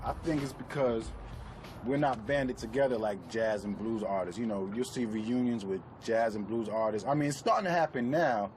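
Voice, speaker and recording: A man's voice: fairly low pitch, moderate pace, music in the background. A man answering interview questions in a loose, casual way, laughing as he acts out quotes.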